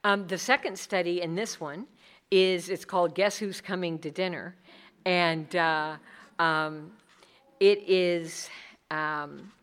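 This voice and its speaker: A middle-aged woman leading a workshop session, talking in a conversational, animated way and acting out other people's words. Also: on the low side, slow. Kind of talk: conference talk.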